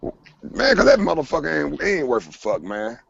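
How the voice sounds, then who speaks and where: A gravelly man hosts a loose sports talk show, heated and rambling, swearing all the time. His pitch swings up and down a lot as he rants. The sound is dull and lo-fi, like call-in audio. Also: sing-song, brisk. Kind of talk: casual profane sports chat.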